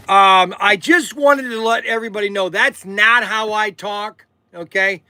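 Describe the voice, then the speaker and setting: A man with a high, bright voice hosts a casual livestream. He rambles, circles back on himself and keeps checking in with his viewers. The sound is dry and close, with no room around it. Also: dry recording. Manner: rambling, repeats himself, says okay often. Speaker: livestream host.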